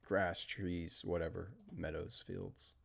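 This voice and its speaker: American guy streaming live trades, low voice, rambly and casual with lots of ums. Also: creaky. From United States. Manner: chatty, thinks aloud with fillers and trailing pauses; steady technical market commentary. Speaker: trading livestream host.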